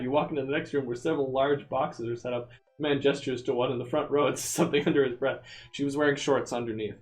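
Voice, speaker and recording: A man's voice: mid-range voice, steady tone, fast, faint music behind. A man streaming himself as he reads a text adventure game aloud, in a casual, amused way with asides. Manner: casual, amused, with frequent laughs.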